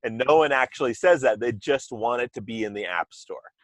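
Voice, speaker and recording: A man's voice: medium pitch, expressive, fairly quick, no room sound. A man hosting a podcast in casual chat, talking loosely with asides and restarts over a remote call microphone. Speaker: podcast host.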